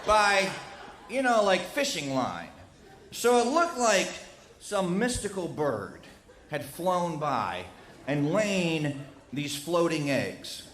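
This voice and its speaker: A middle-aged man with a West Virginian accent telling a comic tall tale on stage in a folksy, animated way. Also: slow. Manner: animated, folksy, with big jumps in pitch and loudness. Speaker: storyteller. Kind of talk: comedic storytelling on stage. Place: stage in a small lounge. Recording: echoey live room with faint noise.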